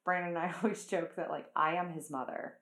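A woman hosting a casual chat, talking freely with lots of "like"s and quick laughs. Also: on the low side, fairly even intonation, fairly bright tone, reverberant. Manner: chatty, full of "like" and quick laughs.

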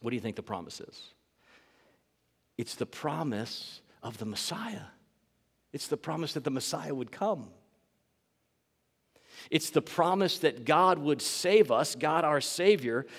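A man's voice: fairly high pitch, big-room sound. A man preaching a sermon as pastor, earnest and emphatic, repeating key phrases for weight.

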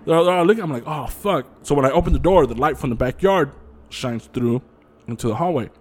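A man co-hosting a podcast, telling a story in casual chat, animated and profane, laughing often. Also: mid-range voice, quick pace. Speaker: podcast co-host.

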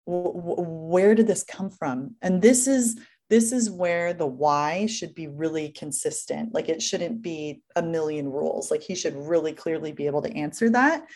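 A young woman with a slightly low voice talks earnestly through a family routine, one step at a time. Her tone is casual and conversational, like a guest in an interview. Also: a little mellow. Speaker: guest mother.

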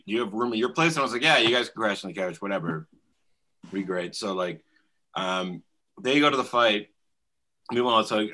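A man's voice: on the low side, sharp tone. A man in his thirties telling a profane story in a casual chat, laughing often. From Canada.

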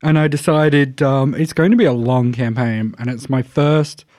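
A man's voice: medium pitch, normal speed, a little mellow, dry recording, clean studio sound. A man joking wryly in a casual podcast chat. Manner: wry, joking. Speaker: podcast guest, tabletop player.

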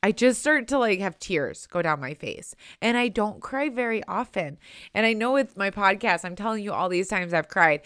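A woman's voice: medium pitch, animated, normal speed, fairly bright tone, clear, resonant tone, no echo. Chatty young woman podcast host, dry. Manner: earnest and chatty, with many likes and rights. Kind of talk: personal podcast monologue.

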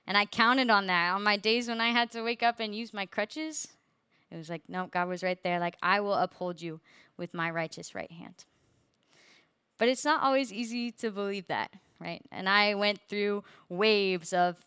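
A woman's voice: medium pitch, moderate pace, bright, forceful tone, smooth, no room sound, studio quality. A young woman earnestly sharing her personal faith testimony with a group, with many fillers. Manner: earnest, many fillers, laughs through hard parts.

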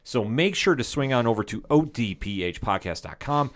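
A man's voice: mid-range voice, normal speed. Amped-up male sports podcast host. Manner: energetic, amped up, loud.

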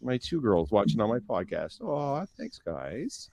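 A man's voice: on the low side, unhurried, creaky, dry recording. A middle-aged man co-hosting a podcast, telling stories in casual chat and acting out the voices. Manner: animated storyteller, acts out voices in anecdotes. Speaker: podcast co-host.

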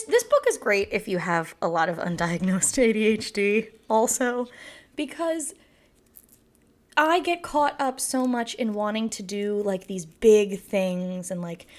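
Animated woman chatting, lively pitch. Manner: animated, emphatic, quick laughs. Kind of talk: casual chat about a book.

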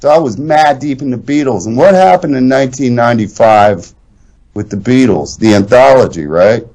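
Animated, profane middle-aged man telling stories. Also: mid-range voice, moderate pace, poor audio. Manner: animated storytelling, profane, acts out quoted voices. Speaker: podcast co-host. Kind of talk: casual chat.

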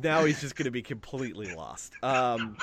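A man's voice: medium pitch, normal speed, crowd noise. Chatty man co-hosting a podcast. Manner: excited, chatty, swears freely. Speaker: podcast co-host. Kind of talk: casual chat.

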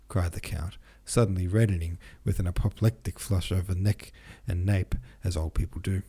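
A man narrating a classic novel in a measured reading. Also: sits low, fairly even intonation, warm tone, husky. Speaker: podcast host, reader. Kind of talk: scripted narration.

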